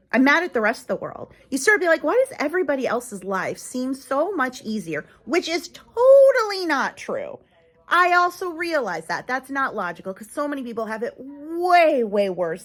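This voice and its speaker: A woman's voice: fairly high pitch, a bit bright. Candid, rambling middle-aged woman vlogger. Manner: rambling, candid, with many fillers. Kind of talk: casual personal vlog talk.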